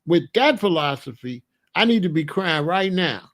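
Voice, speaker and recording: A man hosting a comedic monologue, an animated, profane storyteller who laughs often. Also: on the high side, normal speed. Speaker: podcast host.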